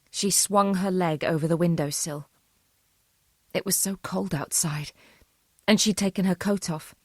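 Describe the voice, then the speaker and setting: A woman reading a thriller audiobook in a measured, tense way. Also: lowish voice, no echo, clean studio sound. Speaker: audiobook narrator. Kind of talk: scripted narration of a thriller.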